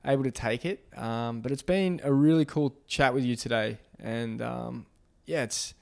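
A man hosting a podcast interview, talking in halting phrases with many fillers and restarts. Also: medium pitch, gravelly, a little mellow. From Australia. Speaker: podcast host. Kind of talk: casual interview chat.

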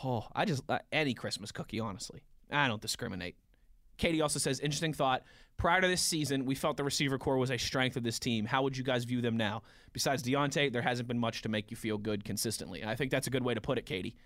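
A man's voice: medium pitch, quick pace, fairly bright tone. A man in his thirties co-hosting a sports radio show, chatting casually and reading out listener tweets. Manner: easygoing, reads out listener tweets. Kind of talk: casual sports talk chat. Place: radio studio.

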